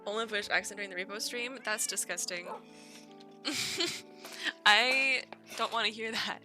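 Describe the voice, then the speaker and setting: Music plays behind a young Eastern Canadian woman who speaks a little slowly in a medium-pitched voice while streaming a game. Her casual talk is giggly and rambling, dotted with frequent laughs.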